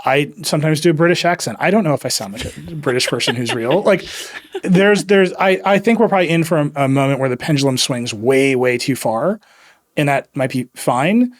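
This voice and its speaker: A male podcast host with a slightly higher voice, talking in a loose, rambling way about tech news. He is wry and drops in quick quoted asides. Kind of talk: casual tech chat.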